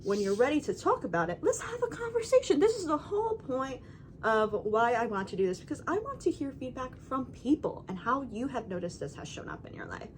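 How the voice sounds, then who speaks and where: A woman's voice: sits high, big pitch swings, brisk, a little hiss or hum. Emphatic woman vlogging to camera. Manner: emphatic, rambling, frequent "right?" and "you know". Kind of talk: casual talking-head monologue.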